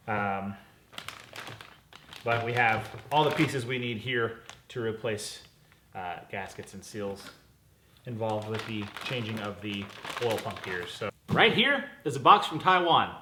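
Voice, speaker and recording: A man's voice: mid-range voice, a bit bright, echoey room, a little hiss or hum. A man hosting a casual car parts unboxing vlog, talking in a chatty, upbeat way and correcting himself as he goes. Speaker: car channel host.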